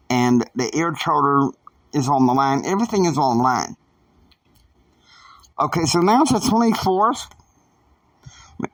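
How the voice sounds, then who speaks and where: Slow, rambling male storyteller. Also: on the high side, no echo. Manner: rambling, halting, with many fillers. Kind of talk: improvised saga narration. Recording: dry sound from a distant mic.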